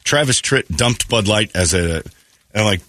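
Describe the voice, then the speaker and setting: Man, radio host, sore throat, forceful tone, dry close sound, sardonic chat. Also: fairly low pitch, moderate pace, no echo. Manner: animated, sardonic, often quotes others mockingly. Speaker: radio morning show host. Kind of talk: casual chat, wry storytelling.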